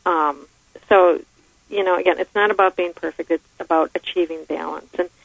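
A woman's voice: lowish voice, fairly even intonation, normal speed, vocal fry, no room sound. A woman who analyzes handwriting, a guest on a radio show who explains reflectively with everyday examples. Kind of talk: radio interview by phone. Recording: tinny phone line.

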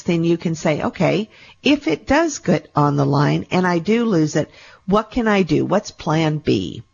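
Brief: woman radio host, low voice, affectionate and talkative, muffled broadcast audio. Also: gravelly. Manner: warm, chatty, calls callers sweetie and darling. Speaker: radio show host and intuitive reader. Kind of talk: call-in radio talk.

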